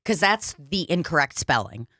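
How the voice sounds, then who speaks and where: Woman, comedy podcast co-host, lowish voice, dry close sound, casual storytelling, swears a lot. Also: very animated, moderate pace, pushed and bright, no room sound. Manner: swears freely, acts out quotes.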